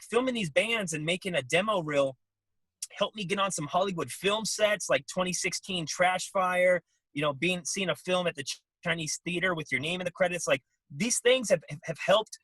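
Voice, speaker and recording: Male guest, bright and slightly husky, energetic anecdotal delivery, dry room. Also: fairly high pitch, dry recording, poor audio. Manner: animated storytelling, acts out voices, many restarts. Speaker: interview guest. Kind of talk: casual interview.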